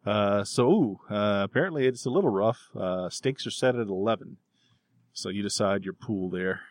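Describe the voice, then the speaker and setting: Laid-back low-voiced game master. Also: male voice, normal speed. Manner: relaxed, many fillers and chuckles. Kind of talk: narrating a tabletop game.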